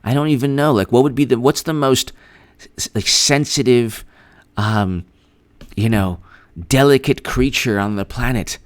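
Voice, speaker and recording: Sarcastic man, slow mocking commentary. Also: medium pitch. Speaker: political commentary host. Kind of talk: live-stream political commentary.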